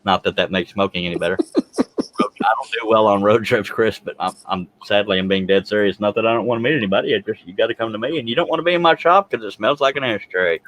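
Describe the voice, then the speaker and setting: A man with a fairly low voice chatting casually on a livestream panel. He reads out viewer comments and jokes about himself. He laughs often as he talks. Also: fast, fairly bright tone. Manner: joking, laughs often, self-deprecating. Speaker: panel host reading chat questions.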